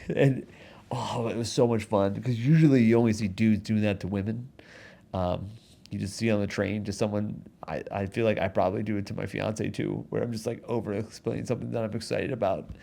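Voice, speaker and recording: A young man hosts his podcast in a low, gravelly voice with a mellow tone. He tells a story in a loose, rambling way, restarting sentences and chuckling as he goes, on a studio mic. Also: fairly even intonation, fairly quick. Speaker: podcast host. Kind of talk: casual comedic monologue. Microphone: studio mic in front of a backdrop.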